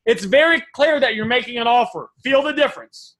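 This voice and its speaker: A man coaching a live class on sales offers, energetic and repetitive, often calling his listeners guys. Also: very high voice, fairly quick, few pauses. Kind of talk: live online teaching session.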